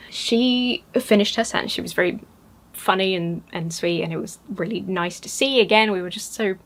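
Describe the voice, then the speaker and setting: English woman vlogging, excitable and gushy, lots of like and um, chatty. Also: mid-range voice, moderate pace. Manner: gushing and excitable, with many fillers. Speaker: YouTuber. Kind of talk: casual chat.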